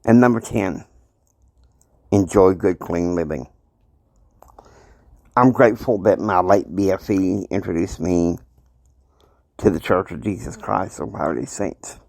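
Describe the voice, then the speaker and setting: A man's voice: sits low, unhurried, vocal fry, long pauses, darkish tone, dry recording. A man hosting a self-help show, talking casually and motivationally in a rambling way, often checking in with the listener. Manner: rambling, keeps checking in with "okay?".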